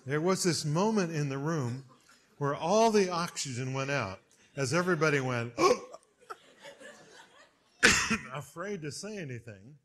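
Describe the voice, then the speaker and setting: A man preaching a sermon, telling stories with big swings in pitch and loudness. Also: expressive, normal speed. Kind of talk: sermon with storytelling.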